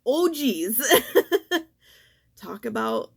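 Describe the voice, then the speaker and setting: A middle-aged woman in a casual vlog, talking in a halting, emotional way and fighting back tears. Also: on the high side, very animated, vocal fry, a little mellow, slightly rough. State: tearful. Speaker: vlogger.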